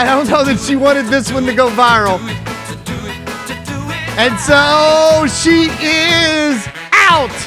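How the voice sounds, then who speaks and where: A man with a Kentucky accent giving a folksy, joking conference keynote as a school superintendent, often asking "right?". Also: very high voice. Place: large conference hall. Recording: long hall reverb with faint music.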